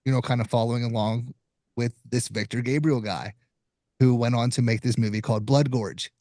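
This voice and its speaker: Relaxed male podcast host, dry sound. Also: medium pitch, fairly quick, dry recording. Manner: relaxed storytelling, with small restarts. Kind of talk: casual podcast chat.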